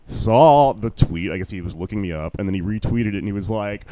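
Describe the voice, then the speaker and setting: A man's voice: lowish voice, animated, brisk, few pauses, warm tone, no echo. A tired man, a comedian guest, telling a story in casual podcast chat, loose and profane with many fillers.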